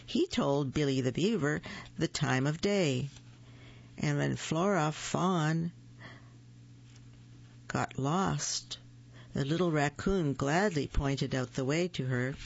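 A storyteller reading picture books aloud slowly and gently, adding small asides. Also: mid-range voice, vocal fry. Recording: muffled lo-fi recording.

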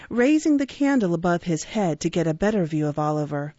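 A woman narrating a classic novel in a measured, expressive reading voice. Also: fairly low pitch, dry recording. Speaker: audiobook narrator. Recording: dull, dry recording.

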